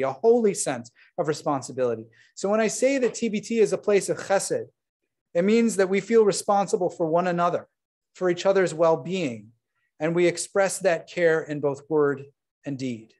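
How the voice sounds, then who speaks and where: A man with a notably high voice delivers a rabbi's installation sermon. He speaks earnestly and warmly to his congregation. He breaks off now and then for friendly asides. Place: synagogue sanctuary.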